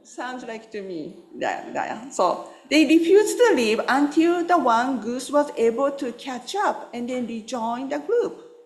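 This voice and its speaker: A woman Buddhist minister giving a gentle, unhurried dharma talk, telling a story with pauses and small fillers. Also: high-pitched, very animated. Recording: roomy hall sound.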